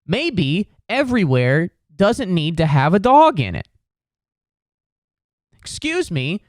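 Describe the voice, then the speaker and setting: Speaking slowly with frequent pauses, a young man hosting a comedy podcast rants in a high-pitched voice whose pitch swoops wildly. He's exasperated and sarcastic, curses, and jumps into put-on voices to quote people. The sound is clean studio audio with no room sound.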